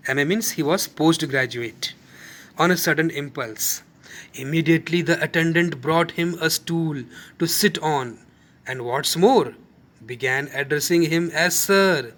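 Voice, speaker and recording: A man's voice: on the high side, a bit bright. A male school English teacher with an Indian English accent, patiently explaining a lesson to students and defining words as he goes.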